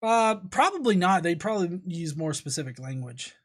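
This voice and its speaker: Woman streamer, sarcastic and profane, very animated pitch, laughs a lot. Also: normal speed. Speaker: streamer reacting to a video. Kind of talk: casual live-stream commentary.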